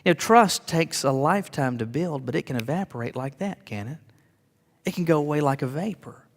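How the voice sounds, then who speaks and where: A man's voice: a little high, lively intonation, a little fast, in a large hall. A man preaching a sermon as pastor, earnest and rising to emphatic declarations, often repeating words as he builds.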